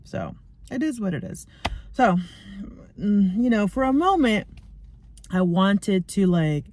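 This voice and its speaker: A middle-aged woman talking candidly in a chatty personal video diary, sometimes dropping into soft asides. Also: medium pitch, lively intonation, unhurried. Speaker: vlogger. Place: sitting in a parked car.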